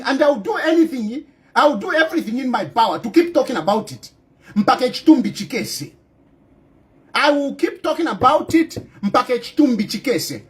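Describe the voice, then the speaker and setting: Fiery Zambian man, high lively voice. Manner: fiery, repetitive, stammering restarts. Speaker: politician and activist. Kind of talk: impassioned political monologue.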